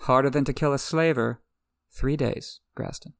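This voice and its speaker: A man reading the lines of a cool, proud young female queen in a calm, imperious way. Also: mid-range voice, normal speed, creaky, dry recording, studio quality, lightly acted. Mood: commanding.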